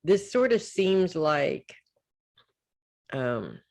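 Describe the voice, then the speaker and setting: A woman's voice: low voice, big pitch swings, extremely slow, creaky, a little mellow. A woman giving a weekly psychic reading as casual advice. She talks in a loose, reassuring way and keeps checking in with "okay?" and "right?". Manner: loose and informal, trails off with "blah, blah". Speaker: psychic reader.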